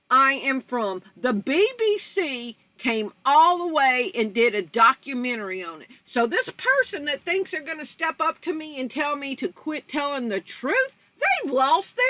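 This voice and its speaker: A woman in her 50s from North Baton Rouge, Louisiana, hosts her own channel and delivers a fiery, blunt, confrontational vlog rant to her viewers. Her voice is high and sharp-toned, recorded dry.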